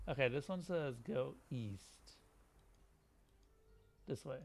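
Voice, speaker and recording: A man's voice: medium pitch, expressive, takes it slowly, gravelly. Wry man commentating a game stream. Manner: wry, grumbling asides. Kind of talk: casual gameplay commentary.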